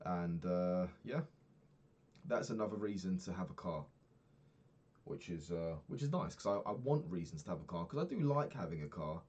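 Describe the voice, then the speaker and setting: Young British man, deep low voice, rambling vlogger who swears and loses track. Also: animated, normal speed, darkish tone, slightly rough, muffled recording. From United Kingdom. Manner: rambling, swears often, loses his thread. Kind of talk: casual diary vlog.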